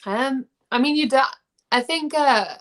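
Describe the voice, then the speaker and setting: A woman's voice: high voice, a little slow, a bit bright. A young English woman, a singer, talking casually in a video chat, rambling with plenty of fillers and restarts. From England.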